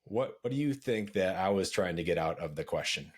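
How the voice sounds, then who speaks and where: Deep-voiced man asking probing questions. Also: animated, fairly quick, husky. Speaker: podcast host. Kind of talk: conversational podcast interviewing.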